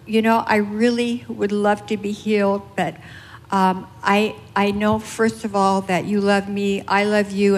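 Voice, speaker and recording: A woman telling a personal testimony as an interview guest, earnest and halting. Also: mid-range voice. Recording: long hall reverb.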